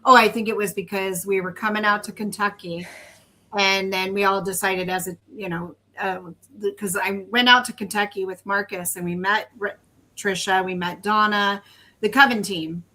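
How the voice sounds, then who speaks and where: A woman's voice: mid-range voice, fairly even intonation, normal speed, pushed and bright. A woman podcast host chatting casually, recounting a trip in a loose, chatty way. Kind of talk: casual chat.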